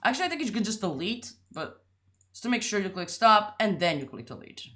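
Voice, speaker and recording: A woman's voice: mid-range voice, big pitch swings, a little fast, pushed and bright. A young woman talking casually through a coding tutorial, chatty and rambling, with a lot of "like" and some self-deprecating jokes. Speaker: tutorial host.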